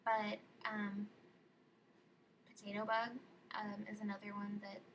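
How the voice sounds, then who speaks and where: A woman's voice: medium pitch, monotone, measured pace, dull audio. A young woman from California with a Californian accent, chatting casually in a vlog, full of ums and likes. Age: young adult. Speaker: vlogger. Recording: distant mic with clear room noise.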